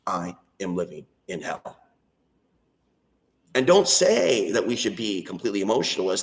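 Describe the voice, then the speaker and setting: A man's voice: low voice, big pitch swings, normal speed, long pauses. A man delivering an intense, rambling spiritual monologue and prayer on his own channel, swearing freely. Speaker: channel host. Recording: echoey.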